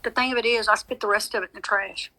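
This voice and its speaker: Bright-voiced chatty woman. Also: medium pitch, steady tone, fast, low-quality recording. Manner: chatty, dramatic, talks straight to viewers as y'all. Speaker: medium hosting a live stream. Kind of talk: casual live-stream chat.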